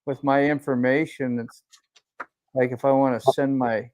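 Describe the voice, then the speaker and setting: A man's voice: medium pitch, level tone, moderate pace, darkish tone. A man chatting on a group livestream, easygoing, asking how to do things on his phone. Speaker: livestream guest. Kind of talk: casual chat on a group livestream.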